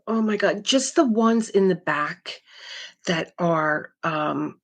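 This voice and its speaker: A woman's voice: fairly low pitch, takes it slowly, gravelly, husky. Chatty woman hosting a live craft stream. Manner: chatty and animated, reading viewer comments aloud and laughing often. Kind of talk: casual live-stream chat.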